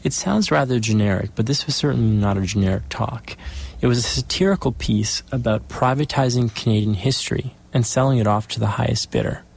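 Gravelly, husky podcast host reading intros. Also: male voice, medium pitch, a little fast, a little mellow. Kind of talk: scripted narration.

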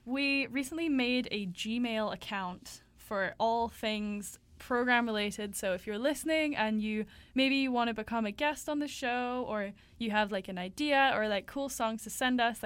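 A woman's voice: on the high side, unhurried, smooth, no echo. A young woman co-hosting a campus radio show, chatting casually and playfully with lots of fillers. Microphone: studio microphone.

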